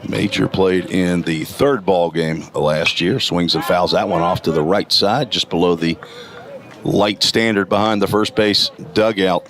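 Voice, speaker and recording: A man with a gravelly morning voice calling college baseball play-by-play, reading stats in a steady, detailed way. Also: low voice. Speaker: play-by-play announcer. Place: outdoor college ballpark.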